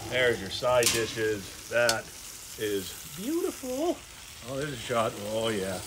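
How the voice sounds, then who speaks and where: Heavy background noise fills this outdoor backyard grilling livestream, where a male host cooks and banters with viewers in an upbeat, jokey way. His medium-pitched voice swoops wildly in pitch, and he takes his time.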